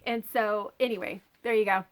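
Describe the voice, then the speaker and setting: A woman's voice: mid-range voice, steady tone, normal speed. A woman reviewing a book in a casual, chatty, enthusiastic way, full of filler words. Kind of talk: casual chat.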